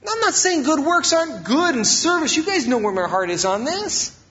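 High-voiced man preaching, dull lo-fi sound. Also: very animated, normal speed, fairly bright tone, soft background music. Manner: emphatic preaching with repeated phrases. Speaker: pastor. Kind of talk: sermon.

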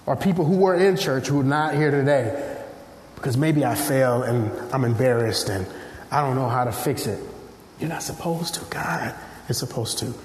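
A man from Nigeria, preaching a sermon in an animated storytelling way and acting out voices. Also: mid-range voice, moderate pace, a little hiss or hum. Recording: echoey hall, faint ambience.

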